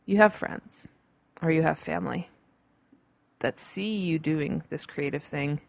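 At home in a large city, a woman hosts her own solo podcast, recorded on a computer podcast mic. Her low voice has vocal fry and an unhurried pace, yet she's bubbly and chatty, tossing in playful asides.

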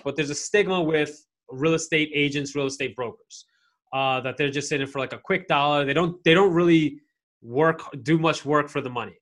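A man's voice: fairly high pitch, a bit bright. A man hosting a podcast, chatty and upbeat, with frequent fillers and restarts. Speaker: podcast host. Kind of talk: casual podcast interview.

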